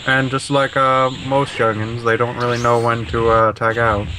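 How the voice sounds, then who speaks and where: A man's voice: medium pitch, little pitch movement, normal speed, background noise. A man co-commenting on video game matches, hesitant with lots of fillers and dry joking asides.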